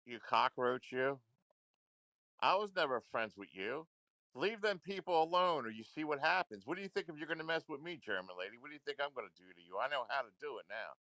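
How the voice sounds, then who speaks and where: A man's voice: mid-range voice, lively intonation, fairly quick, pushed and bright, no echo. A man ranting into a livestream, confrontational and repetitive, swearing often. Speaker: livestream commentator.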